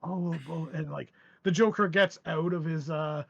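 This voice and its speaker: A man's voice: fairly high pitch, normal speed, vocal fry, a bit bright, dry recording, muffled recording. A man narrating a tabletop game as game master, theatrical and often laughing.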